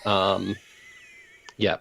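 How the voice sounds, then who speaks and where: An Australian man on a voice call, calmly explaining a card game in a measured way, with frequent "um" pauses. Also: deep voice, vocal fry, a little hiss or hum. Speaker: guest deck expert. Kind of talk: casual explanatory chat over voice call.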